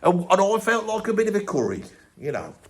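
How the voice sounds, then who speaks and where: A man's voice: high-pitched, wildly swooping pitch, brisk, breathy edge, heavily acted. A man voicing an opinionated older Birmingham bloke in his sixties, with a Birmingham accent, ranting in a comedic monologue full of swearing and stumbling restarts. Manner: blustering rant, swears constantly, stumbles and restarts. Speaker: comedy character ranting to camera.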